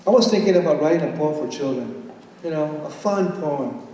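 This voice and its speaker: A man's voice: on the high side, moderate pace, slight background noise. An older man reading his poems to an audience in a playful way, mixing English and Spanish and calling on the crowd to join in. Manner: playful, switches between English and Spanish, reads with bursts of excitement. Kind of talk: live poetry reading with audience call-and-response. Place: large hall at a college event. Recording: echoey hall from far off, audience ambience.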